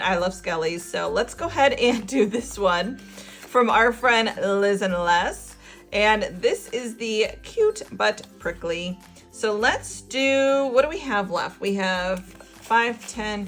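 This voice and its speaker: A woman's voice: medium pitch, a bit bright. A middle-aged woman hosting a budgeting channel, chatting casually and laughing as she counts money aloud. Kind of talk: casual chat while cash stuffing.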